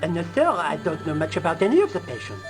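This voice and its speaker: Timid young trainee doctor. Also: male voice, fairly high pitch, huge pitch swings, fast. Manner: polite, hesitant, keeps saying sir. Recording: game audio with faint music.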